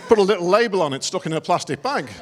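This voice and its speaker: A middle-aged male comedian with a rather high voice tells self-deprecating after-dinner stories. His voice rings around a large conference dinner hall with a long reverb. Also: expressive, racing, a faint crowd. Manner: wry, self-deprecating storytelling. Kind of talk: stand-up comedy routine.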